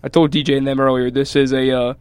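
A man's voice: medium pitch, flat delivery, fast, darkish tone, clear, resonant tone, no echo. Laid-back man talking through his pick. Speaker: fantasy draft participant. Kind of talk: casual group chat.

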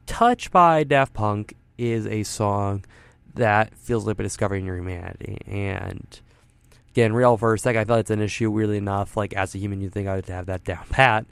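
This radio host speaks in a smooth, lowish voice with vocal fry at a moderate pace, with no echo. Talking casually from a studio with headphones and a studio mic, he rambles, runs himself down, and leans heavily on fillers.

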